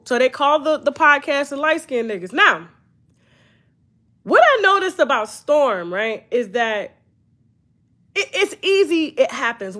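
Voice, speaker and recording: A woman, hosting a blunt, profane, animated storytime commentary. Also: high-pitched. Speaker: commentary channel host.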